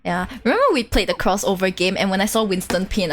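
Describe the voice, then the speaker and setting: A woman streamer chatting through a game playthrough with animated, giggly, jokey asides. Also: medium pitch, quick pace, hardly any pauses, a little hiss or hum. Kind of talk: live game playthrough chat.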